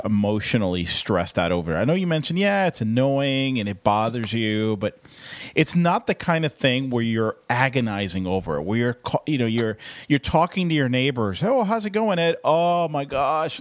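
Halting man in a dry room. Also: fairly low pitch, no echo. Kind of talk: casual conversation.

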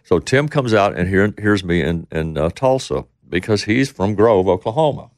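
Man, very deep voice, gravelly, rambling storyteller, acts out quotes. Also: expressive, moderate pace, no echo, clean studio sound. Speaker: interview guest. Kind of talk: casual storytelling.

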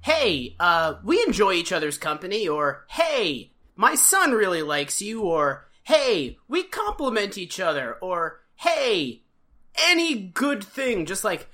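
A woman's voice: mid-range voice, sing-song, slow pace, bright, forceful tone. A woman co-hosting a casual podcast recap, sarcastic, and acting out quotes in exaggerated voices. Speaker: podcast co-host.

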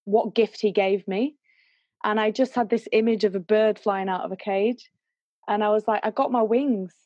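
A woman's voice: medium pitch, warm tone, dry recording, lo-fi sound. A woman, a singer, telling a personal story in a reflective, emotional way. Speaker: guest singer. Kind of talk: conversational storytelling.

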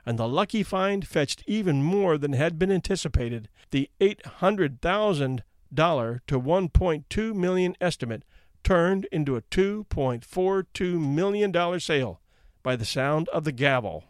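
A man's voice: on the high side, expressive, a little slow, no echo, clean studio sound. A man hosting a podcast, narrating stories in a wry, conversational reading style. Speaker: podcast host. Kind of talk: storytelling narration.

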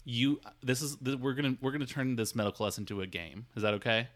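Teasing man with a bright voice. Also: medium pitch, steady tone, fast. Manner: teasing, bossy, giving playful commands. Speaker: podcast host. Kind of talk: casual chat.

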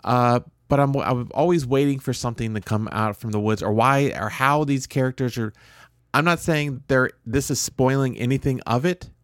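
A man's voice: medium pitch, moderate pace, no room sound, clean studio sound. A man co-hosting a podcast, talking in a casual, rambling and blunt way with jokes and restarts. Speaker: podcast co-host. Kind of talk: casual chat.

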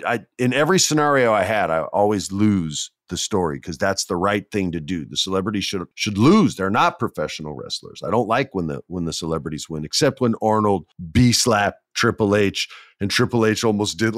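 A man telling a casual anecdote as a guest, animated, acting out what people said and laughing often. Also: fairly low pitch, no echo, clean studio sound.

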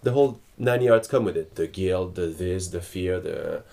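A man with a gravelly, creaky voice on the lower side puts questions to a teacher. He speaks hesitantly, searching for words and restarting often. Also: moderate pace, dark tone. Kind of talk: spiritual dialogue.

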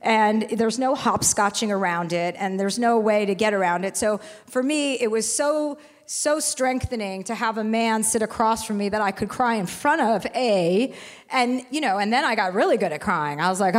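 A woman's voice: mid-range voice, moderate pace. A woman in her forties, talking frankly and with plenty of profanity as a guest on a stage. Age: 40s. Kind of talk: candid live conversation. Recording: long hall reverb.

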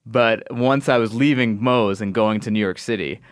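A man talking as a comedian guest on a podcast, telling stories in an animated, profane way and acting out other people's voices. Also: lowish voice, moderate pace, clean tone, no room sound, studio quality. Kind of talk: casual podcast chat.

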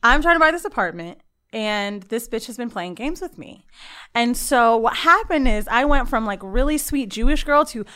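Podcast co-host, woman, lively high voice, bright tone, loud animated storyteller. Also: moderate pace, clean tone. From Florida. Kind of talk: casual chat. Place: studio.

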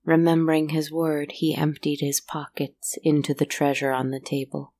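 A woman narrating a fairy-tale-like story in a calm, slow, measured way, with a creaky voice. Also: sits low.

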